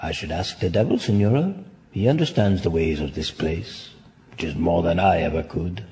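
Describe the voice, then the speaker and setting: Guy doing a bored ironic nobleman in hell, real low mellow voice, stagey and languid. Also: animated, moderate pace. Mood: sardonic. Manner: languid, sardonic, elegant stage delivery. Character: weary, ironic damned nobleman, male adult. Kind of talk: classic stage play acting.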